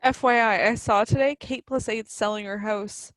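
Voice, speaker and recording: A woman's voice: fairly high pitch, fairly even intonation, moderate pace, a bit bright, no echo, poor audio. Chatty woman podcast co-host, dry sound. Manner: chatty, peppered with "like". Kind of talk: casual chat.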